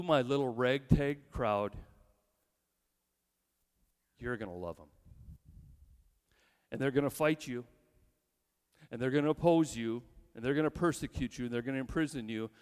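A man's voice: medium pitch, close to an everyday voice. A man voicing a bold male teacher who rallies a ragtag band of followers, talking in a conversational, confiding way and asking rhetorical questions. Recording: long reverb in a large hall.

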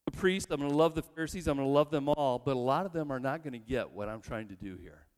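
A man's voice: medium pitch, lively intonation, fast, a little mellow, close to an everyday voice. A man voicing a bold male teacher who rallies a ragtag band of followers, talking in a conversational, confiding way and asking rhetorical questions. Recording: long reverb in a large hall.

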